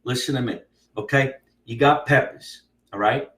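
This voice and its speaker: A brash male comedian talks in a profane, drawn-out, emphatic way. His voice sits at an ordinary pitch. The room sounds hollow and echoey, and he is some distance from the mic. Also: fairly bright tone. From US East Coast. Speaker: comedian host of a live show. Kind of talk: casual live-stream chat. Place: room at home. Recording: roomy, from off the mic.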